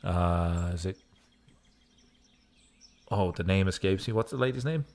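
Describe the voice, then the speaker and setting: Goofy low-voiced man narrating gameplay. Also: a little slow, darkish tone. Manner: goofy, joking asides. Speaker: gaming streamer. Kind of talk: casual gameplay commentary.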